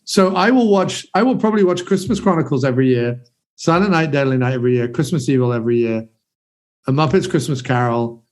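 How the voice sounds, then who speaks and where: A man's voice: medium pitch, expressive, a little fast, a little mellow. A man in his forties hosting a podcast, chatting enthusiastically and rambling about films with casual swearing. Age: 40s. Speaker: podcast host.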